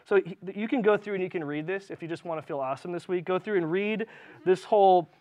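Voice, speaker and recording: A male preacher with a high-pitched voice, giving a sermon in a church. He reads scripture with fervor, then drops into casual asides full of "um"s. His delivery is impassioned and conversational. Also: fast talker, lo-fi sound.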